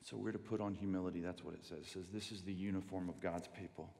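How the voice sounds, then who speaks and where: A man preaching a sermon, telling stories in a lively way and acting out the voices of the people in them. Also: lowish voice, fast, vocal fry, hardly any pauses. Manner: animated storytelling, acts out quoted voices. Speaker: pastor. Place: large church sanctuary. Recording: long reverb of a large church hall.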